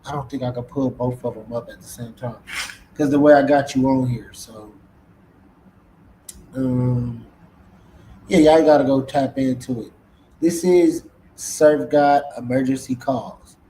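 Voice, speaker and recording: A man's voice: medium pitch, steady tone, measured pace, pauses often, warm tone, a little hiss or hum, low-quality recording. A man hosting a casual live-stream podcast in a laid-back way, often repeating his words. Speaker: podcast host.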